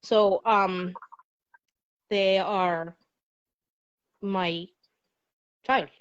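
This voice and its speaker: A woman guest in casual chat, animated, swinging between high and low and laughing often. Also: drawn-out words, clean tone, dull audio. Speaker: podcast guest.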